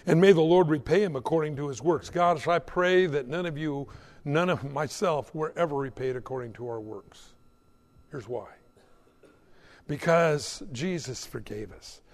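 A male preacher giving an animated, exhorting sermon in an echoey hall. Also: fairly high pitch.

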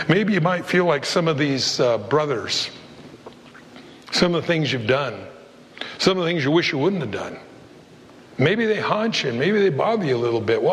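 Pastor, male, high voice with lively swings, preaching in an echoing church hall. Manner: animated preacher, acts out voices of biblical figures with comic flair. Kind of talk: sermon.

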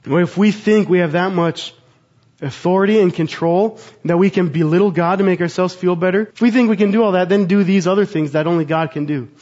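The sermon comes from a pastor in his thirties whose voice is notably high and a little mellow, his delivery brisk. He presses the congregation with earnest rhetorical questions over a slightly dull, muffled recording.

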